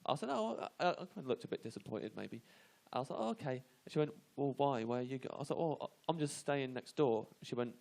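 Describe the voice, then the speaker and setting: Gravelly man telling a halting comic story. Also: mid-range voice, expressive, a little mellow. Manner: halting, self-deprecating, full of restarts. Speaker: comedian panelist. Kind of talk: comic anecdote. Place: live radio show.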